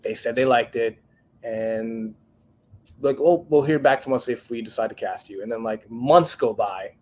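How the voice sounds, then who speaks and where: A man's voice: mid-range voice, normal speed. A man in his thirties, a chef guest on a podcast, telling a story casually and acting out the people he quotes. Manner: animated storyteller, acts out quoted voices.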